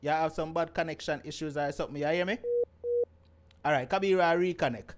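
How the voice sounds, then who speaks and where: A man's voice: on the high side, a little fast, a little hiss or hum. A man with a Jamaican accent hosting a live call-in stream, teasing his caller and reading out viewer comments. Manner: teasing, laughs often, reads viewer comments aloud. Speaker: host of a live call-in show. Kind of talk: casual live-stream chat.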